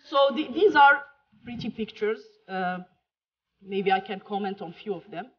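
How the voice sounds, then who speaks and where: A woman's voice: medium pitch, lively intonation. A woman from Morocco with a French-tinged accent, giving a chatty, joking keynote talk over slides, with some fillers. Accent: Moroccan French-accented English. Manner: chatty, jokey, pauses with fillers. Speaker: keynote speaker. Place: lecture hall. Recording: muffled lo-fi talk recording.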